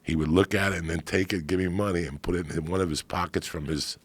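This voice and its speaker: Gravelly, deep-voiced man telling stories. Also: quick pace. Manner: profane, animated storyteller. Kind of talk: casual storytelling chat.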